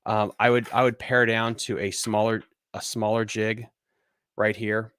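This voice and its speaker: A man's voice: lowish voice, flat delivery, a little slow, fairly bright tone, clear, resonant tone, dry recording, clean studio sound. A man hosting a live fishing podcast, ranting bluntly and swearing casually as he answers listener questions. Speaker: podcast host. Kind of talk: casual live-stream rant and Q&A.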